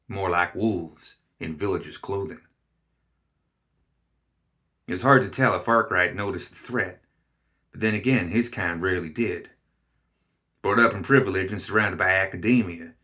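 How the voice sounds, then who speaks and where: A man reading a story aloud as narrator, in a measured, expressive way. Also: low voice. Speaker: reader.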